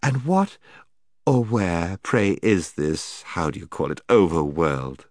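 A man voicing a sweet-voiced enchantress queen, speaking softly in a quiet, soothing, half-mocking tone. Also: sits low, sing-song, slow pace, dry recording, studio quality, exaggerated voice. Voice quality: soft, quiet and coaxing.

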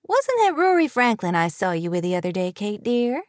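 A woman's voice: medium pitch, very animated, normal speed, no room sound, close to an everyday voice. A woman voicing a nosy, gossiping middle-aged woman who sounds falsely sweet. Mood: prying.

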